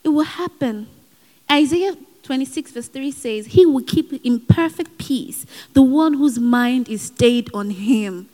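A woman's voice: high voice, a little mellow. A woman preaching a sermon in an earnest, exhorting way, with personal asides. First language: not given. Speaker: speaker at a Christian gathering. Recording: hall with long reverb.

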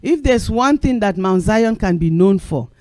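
A man's voice: high-pitched, moderate pace, dry recording. A man preaching a sermon, telling stories and repeating phrases for emphasis. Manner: animated storytelling with acted quotes.

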